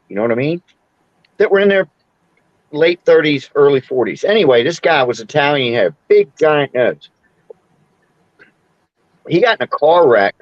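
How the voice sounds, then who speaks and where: A man's voice: mid-range voice, dry recording, lo-fi sound. A man in his sixties, hosting a casual chat and telling rambling stories with frequent laughs. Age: 60s. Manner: rambling storyteller, laughs often. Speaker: podcast host.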